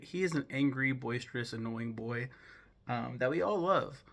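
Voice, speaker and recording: Bright-voiced young man, loose and profane. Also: medium pitch, vocal fry. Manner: loose, profane, rambling with many fillers and restarts. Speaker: video host ranking films. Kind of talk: casual commentary.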